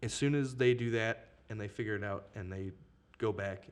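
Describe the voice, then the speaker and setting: Young man with a lowish voice, storytelling. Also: normal speed. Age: young adult. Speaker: podcast guest. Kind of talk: casual chat.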